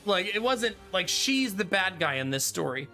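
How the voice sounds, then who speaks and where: A man's voice: high voice, big pitch swings, normal speed, sharp tone. A man in his thirties chatting casually with his live-stream chat while playing a card game, laughing often. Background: faint game music.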